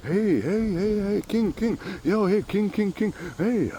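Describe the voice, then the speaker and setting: A frantic neighbor guy with a squeaky, wailing voice that jumps far above the speaker's own low register, as a man puts him on. He whines and yelps in a high, breathless pitch, with none of the usual deep tone. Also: lively intonation, measured pace, dark tone, slight background noise. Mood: eager. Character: excitable, panicky man from next door.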